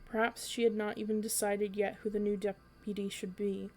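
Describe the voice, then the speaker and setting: A woman reading a children's book aloud for a storytelling podcast, in an even way with an occasional slip and restart. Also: medium pitch, moderate pace, slight background noise.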